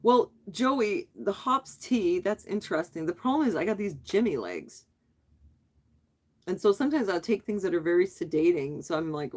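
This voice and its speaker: A woman's voice: fairly low pitch, expressive, moderate pace. A middle-aged woman hosting a casual livestream, chatting with viewers and reading their comments aloud, asking questions back and laughing often. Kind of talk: casual live chat.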